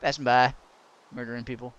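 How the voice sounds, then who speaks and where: A young man giving casual gameplay commentary, excitable, laughing and yelping when danger comes, chatting to the game's creatures. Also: medium pitch, fairly quick, muffled recording, slight background noise. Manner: excitable, yelps and laughs at danger, talks to game mobs. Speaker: gaming commentator.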